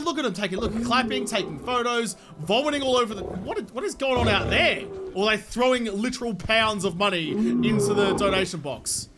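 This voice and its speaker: A man giving casual, excitable commentary on his gameplay, chatting to the game's animals as he plays. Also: very high-pitched, very noisy. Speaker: gaming channel host.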